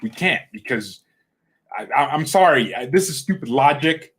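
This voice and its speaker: Here a man speaks in a husky mid-range voice, fairly bright in tone, with lively intonation at a normal speed. As host of a fan channel he's giving a casual football rant, blunt, opinionated and trash-talking, stammering on repeated words when worked up.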